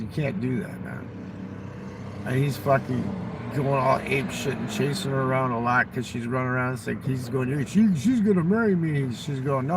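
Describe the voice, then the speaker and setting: A man's voice: mid-range voice, gravelly, noisy background. An older man telling rambling, profane, boastful stories in casual talk. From United States. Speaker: livestream guest telling stories. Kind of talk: rambling storytelling. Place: fast-food restaurant.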